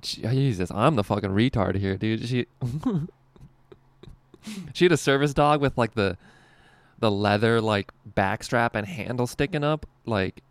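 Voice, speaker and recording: Gravelly-voiced man rambling casually. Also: medium pitch, expressive, a little slow, long pauses, no echo. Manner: rambling, profane, laughs often. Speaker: screen printer telling a work story. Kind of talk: casual storytelling.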